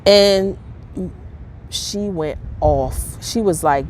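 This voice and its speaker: A woman talking candidly to camera in a personal vlog, halting, with many fillers and restarts. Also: fairly low pitch, a little mellow, slight background noise. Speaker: vlogger.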